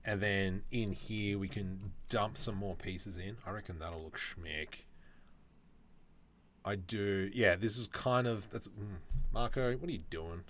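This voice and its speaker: A man's voice: lowish voice, fairly even intonation, unhurried, a bit bright, a little hiss or hum. A man chatting casually on a live stream while he works, reacting to viewer comments with jokes.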